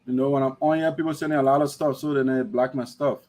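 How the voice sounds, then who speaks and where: A man's voice: mid-range voice, fairly even intonation, quick pace, warm tone. A man hosting an online talk show, lecturing emphatically in livestream commentary. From Liberia.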